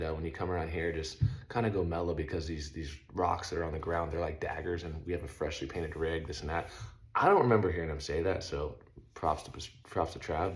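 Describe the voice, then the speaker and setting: A middle-aged man casually telling a story on his vlog, loose and slangy, breaking into loud sound effects. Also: low-pitched. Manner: laid-back, uses slang like stoked and dope.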